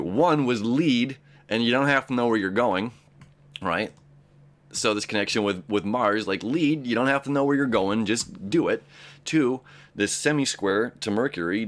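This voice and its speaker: A man's voice: on the low side, fairly bright tone. A man hosting a daily astrology talk, earnest and encouraging, who repeats and restarts words and keeps checking in with "right?" and "okay?". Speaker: astrology show host. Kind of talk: casual daily horoscope talk.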